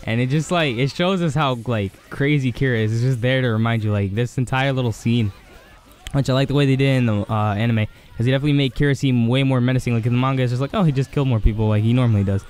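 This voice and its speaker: A man casually recapping an anime episode in an excited, rambling way, full of fillers. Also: mid-range voice, fast, smooth. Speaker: anime reviewer.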